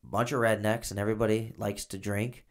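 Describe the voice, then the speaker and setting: In a lowish, flat voice, this man talks fast while co-hosting a podcast. An ex-inmate, he drifts through loose anecdotes stuffed with filler words during laid-back chat.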